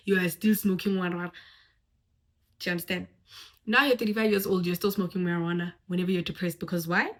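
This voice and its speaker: A woman chatting straight to her viewers in a loose, expressive way. Her mid-pitched voice jumps from sudden loud exclamations down to hushed, confiding asides as she explains. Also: normal speed. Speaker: vlogger giving life advice. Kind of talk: casual talk to camera.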